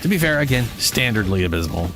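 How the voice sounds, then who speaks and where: A man's voice: fairly low pitch, big pitch swings, fast talker, music in the background. A man streaming a game, talking casually in a profane, ranting way and often correcting himself. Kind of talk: casual gameplay commentary.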